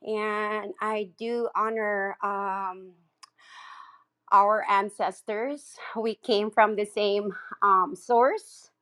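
A woman who works as a chakra healer, sharing in an earnest, spiritual way with many pauses. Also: mid-range voice, fairly even intonation, fairly bright tone, clear, resonant tone. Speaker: chakra healer speaking in an audio room. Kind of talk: heartfelt casual sharing.

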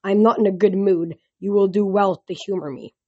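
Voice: medium pitch, fairly even intonation, moderate pace, mellow, husky, lo-fi sound, natural voice. A reader doing a snappish, bored wine god. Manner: snappish, languid. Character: moody, bored wine god, grieving man.

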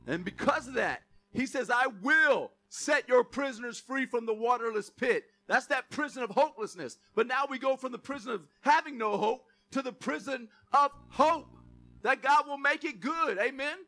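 A man's voice: very high voice, moderate pace, sharp tone, soft background music. A man preaching a sermon, calling on the congregation to repeat words and punching key words for emphasis. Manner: call-and-response preaching with asides and jokes. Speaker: pastor.

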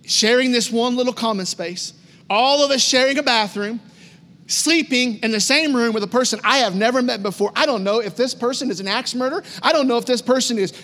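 Pastor guy, really high voice, chatty storytelling sermon, lots of repeating, big echo. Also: fairly quick. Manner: animated, repetitive, conversational storyteller.

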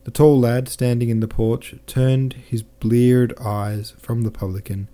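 A man reading a classic novel aloud as a podcast narrator, measured and careful, now and then correcting himself. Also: medium pitch, level tone, mellow. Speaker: audiobook narrator.

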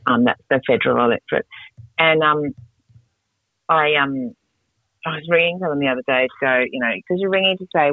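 Woman candidate, lively storyteller; dry, phone-like radio sound. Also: deep voice, brisk, no echo. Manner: animated storyteller, acts out voices and laughs a lot. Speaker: political candidate and radio co-host. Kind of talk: casual radio chat.

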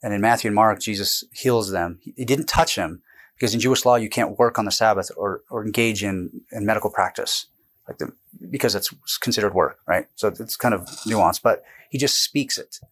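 Animated, digressive man explaining. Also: lowish voice. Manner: animated, digressive, quick bursts with restarts. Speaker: author and guest explaining his book. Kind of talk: casual explanatory interview. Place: indoors with a camera close by.

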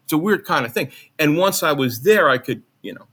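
A middle-aged man with a trace of a Long Island accent, telling animated stories as an interview guest about his radio days. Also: fairly quick, breathy edge. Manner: animated, jumps into high mock voices when recounting. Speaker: guest, former college radio announcer. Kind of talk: conversational interview storytelling.

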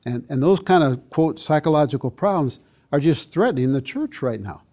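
Older pastor guy teaching a church crowd, mellow warm tone, kinda high-ish voice, earnest and pushy. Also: animated, moderate pace. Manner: earnest, emphatic, with asides to the audience. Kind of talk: teaching talk to a church audience.

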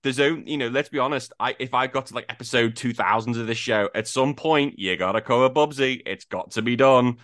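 A man's voice: mid-range voice, a little fast, hardly any pauses, dry recording, clean studio sound. A man hosting a casual gaming chat, ranting and swearing freely about an old game. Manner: swears freely, ranty and animated. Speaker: podcast host.

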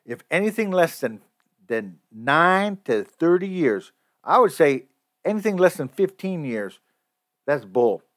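A man's voice: a little high, sing-song, measured pace, fairly bright tone. Man ranting angrily on his podcast. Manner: heated, profane and repetitive. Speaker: podcast host. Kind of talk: angry solo podcast rant.

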